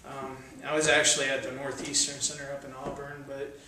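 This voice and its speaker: At a cafe open mic, a young man reads his spoken word poems with rising, declaiming intensity, then talks loosely and hesitantly between them. His mid-range voice has a level tone and a fairly quick pace. The room is very echoey, the mic is far off, and there is crowd noise plus faint background noise.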